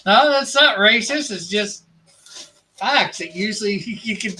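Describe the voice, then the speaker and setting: A man's voice: high-pitched, expressive, measured pace, pushed and bright, slight background noise. A man from Canada hosting a casual live stream, chatting and reading viewer comments aloud with frequent laughs. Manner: laughs often, reads chat aloud. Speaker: livestream host. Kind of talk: casual livestream chat.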